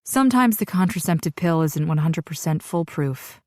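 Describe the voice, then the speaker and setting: A woman narrator voicing a calm, matter-of-fact male doctor explaining options in an audiobook. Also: sits low, moderate pace, no room sound, clean studio sound. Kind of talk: audiobook character voice.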